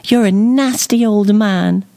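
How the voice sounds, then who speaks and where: A man's voice: high-pitched, slow, gravelly, mellow, no room sound, pitched above the performer's own voice, full character voice. A man voicing a tiny, spiteful female fairy with a bell-like, sing-song voice in a storybook reading. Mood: scornful.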